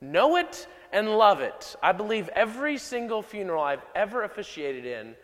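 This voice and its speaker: A male pastor preaching a sermon, measured and emphatic, repeating key lines slowly. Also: high voice, big pitch swings. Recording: long hall reverb.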